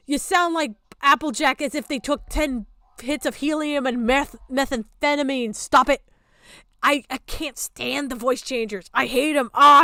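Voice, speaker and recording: Woman streamer, high pitch, dry close sound; sarcastic, profane, exasperated ranting commentary. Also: a bit bright, dry recording.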